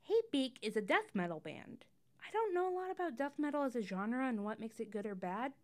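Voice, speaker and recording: A young woman hosts her podcast in a chatty, tangent-prone way and drops wry asides as she goes. Her voice sits a little high and swoops up and down with lively expression. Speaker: podcast host. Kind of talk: casual scripted podcast monologue.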